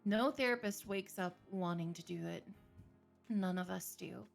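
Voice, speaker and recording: With a mid-range voice, a touch of vocal fry, and a slightly slow delivery, a woman therapist talks frankly about mental health as a livestream guest. She jokes and laughs often, and soft music plays underneath.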